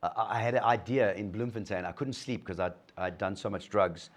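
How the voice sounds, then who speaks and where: A man's voice: fairly low pitch, fairly quick. A middle-aged man gives a motivational talk to an audience, telling his story and acting out the dialogue. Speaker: guest speaker sharing a recovery story.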